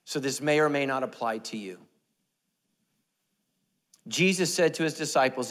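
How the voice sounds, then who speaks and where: A man's voice: medium pitch, moderate pace, long pauses, fairly bright tone. A man preaching a sermon as pastor, in a humorous, self-deprecating, conversational way. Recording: echoey church hall.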